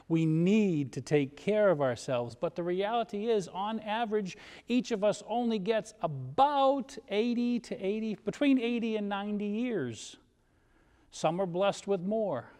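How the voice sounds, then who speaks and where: A man's voice: sits high, a little mellow. A man preaching a sermon in a conversational way, with self-deprecating humor and rhetorical questions. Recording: long hall reverb.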